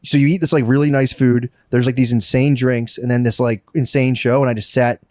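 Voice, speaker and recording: Fast-talking man telling a rambling story. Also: mid-range voice, fairly even intonation, a little mellow, dry recording, studio quality. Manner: rambling storyteller, acts out voices, swears a lot. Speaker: podcast co-host. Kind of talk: casual podcast chat.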